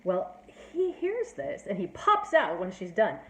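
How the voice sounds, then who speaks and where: A woman's voice: medium pitch, huge pitch swings, unhurried. A woman giving a casual, chatty plot summary as a teacher, filling her talk with "like" and "you know". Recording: roomy echo.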